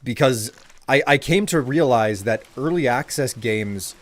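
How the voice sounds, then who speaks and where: A man's voice: medium pitch, expressive, measured pace. A man giving casual, rambling commentary while streaming a game. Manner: rambling, reflective chat.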